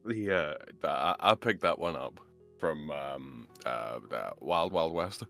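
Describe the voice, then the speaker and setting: A man guesting on a casual live stream, talking in a hesitant, halting way. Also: rumbling low, expressive, gravelly, a bit bright, soft background music.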